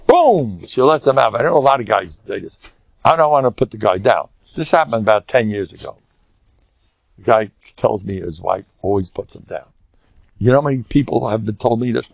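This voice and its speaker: Older american rabbi telling stories in a lecture, gravelly voice, jumps up and down in pitch, bragging jokey tone. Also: male voice, dry recording. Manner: boastful, joking storyteller; sprinkles Yiddish and Hebrew words. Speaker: rabbi and spiritual mentor. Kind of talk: humorous Torah lecture with stories.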